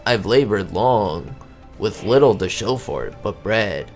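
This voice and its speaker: A tired, cheerful working man who sounds like an old Hollywood star, as a man puts him on. He speaks slowly and plainly, in a lowish voice. A video game character read aloud. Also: lively intonation, darkish tone, faint music behind. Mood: content. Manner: old Hollywood actor delivery. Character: weary, cheerful male Indian laborer.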